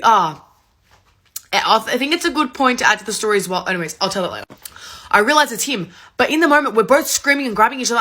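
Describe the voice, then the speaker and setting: A woman, rapidly and animatedly retelling a story in a casual, swearing, rambling way. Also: fairly high pitch, a bit bright.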